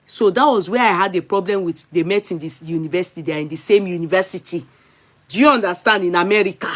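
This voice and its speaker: Animated Nigerian woman vlogger. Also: lowish voice, fast talker. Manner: animated, mixing English and Yoruba, rising to exhortation. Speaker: vlogger commenting on a clip. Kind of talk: casual commentary.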